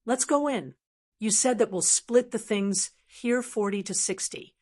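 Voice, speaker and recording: Woman reading as Zhuowen, a calm shrewd master. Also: mid-range voice, measured pace, natural voice. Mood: firm. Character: calm, shrewd young male array master.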